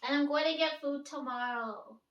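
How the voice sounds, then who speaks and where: A young woman with a bright, high voice chats loosely to the camera in a daily vlog, wandering from one thought to the next and swearing casually. She sounds a little far from the mic, in a room with a noticeable echo. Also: moderate pace, lo-fi sound. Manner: rambling, chatty, swears casually, frequent "like". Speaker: vlogger. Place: room at home. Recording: echoey room, mic at a distance.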